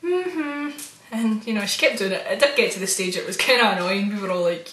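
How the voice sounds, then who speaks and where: A woman's voice: mid-range voice, fast talker. Chatty woman vlogger in a roomy echo. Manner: chatty, meandering, with soft spooked asides. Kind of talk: casual storytelling vlog.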